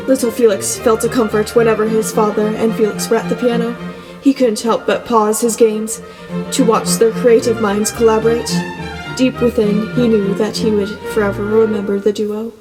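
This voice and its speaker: Female audiobook narrator with a steady, flat delivery, recorded in a reverberant space. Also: on the high side, moderate pace. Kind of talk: scripted storybook narration. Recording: long reverb, soft music beneath.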